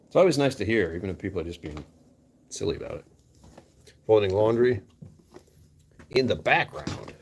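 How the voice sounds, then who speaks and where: A man's voice: on the low side, lively intonation, normal speed, long pauses, slight background noise. A man casually chatting with his live-stream viewers, joking and poking fun at himself while answering the chat. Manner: chatty, jokey, self-mocking.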